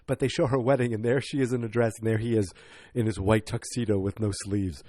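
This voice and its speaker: A man's voice: medium pitch, steady tone, fast talker, dark tone, no echo. A man hosting a podcast, rambling through a loose, jokey, self-mocking movie review. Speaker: podcast host. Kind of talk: casual movie review monologue.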